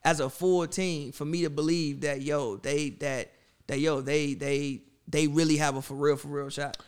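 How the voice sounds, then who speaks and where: A man's voice: on the high side, fairly even intonation, normal speed, clear, resonant tone. Insistent young man debating sports. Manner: insistent, talks over others, repeats himself. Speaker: co-host.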